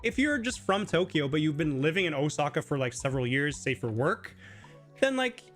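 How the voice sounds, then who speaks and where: A chatty man hosts a live question-and-answer stream, his voice sitting a little higher than most men's. He rambles casually with plenty of fillers and now and then jumps up high to mimic someone. Faint music plays behind him. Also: very animated, fairly quick, fairly bright tone. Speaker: livestream host.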